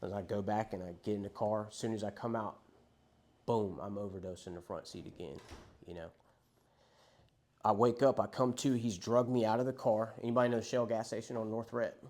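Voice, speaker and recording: A man's voice: lowish voice, fairly even intonation, brisk, darkish tone. A young man candidly telling his story of addiction and loss to a recovery group, speaking in a conversational, profane way.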